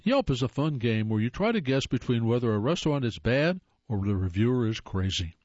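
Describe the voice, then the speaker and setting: A man narrates a run of jokes in a wry, playful manner, his pitch rising and falling with lots of life. The recording is dry with no room sound and has a slightly dull, muffled tone. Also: very animated, brisk, darkish tone, no echo. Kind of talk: scripted comedic narration.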